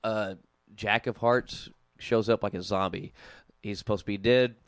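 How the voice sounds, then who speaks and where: A young man with a Southern US drawl recaps the story for his podcast co-hosts, animated and quick to laugh. His voice sits low, smooth and resonant. The sound is dry and close. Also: no room sound. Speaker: podcast co-host recapping comics. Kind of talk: casual chat.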